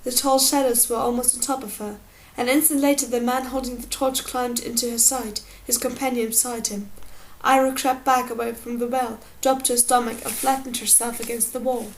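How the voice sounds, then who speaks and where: A woman reading a fantasy novel aloud at a measured, steady pace as audiobook narration. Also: fairly high pitch, rough recording. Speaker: audiobook reader.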